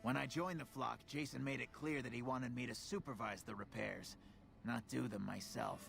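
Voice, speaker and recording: An actor voicing a proud, neurotic male ghoul engineer in a video game, with a gravelly voice and a touchy, sardonic manner. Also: fairly even intonation, normal speed, fairly bright tone, a little hiss or hum. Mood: earnest. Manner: proud and touchy, swings to shrill outrage.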